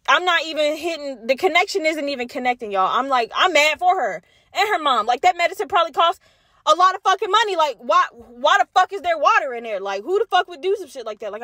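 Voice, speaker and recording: A woman's voice: sits high, no room sound, clean studio sound. A young woman hosting a podcast, telling a story in a casual, profane way and talking straight to her listeners. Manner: profane, animated, addresses listeners as y'all. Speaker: podcast host.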